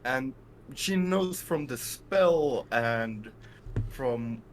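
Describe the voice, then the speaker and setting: A man playing a tabletop game, speaking in halting, thoughtful bits. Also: mid-range voice, expressive, slight background noise, poor audio. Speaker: player.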